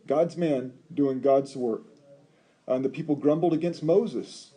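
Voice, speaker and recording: A man teaching a Bible study, talking in an animated, emphatic way with rhetorical questions and frequent ums. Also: mid-range voice, moderate pace.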